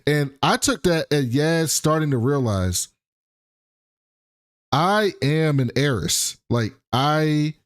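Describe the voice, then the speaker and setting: A young man co-hosting a casual recap show. He tells the plot with gusto, slipping into the characters' voices, and his pitch swings widely. The sound is close and dry. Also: slow, no room sound. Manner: animated storytelling, acts out characters' lines. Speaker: podcast co-host.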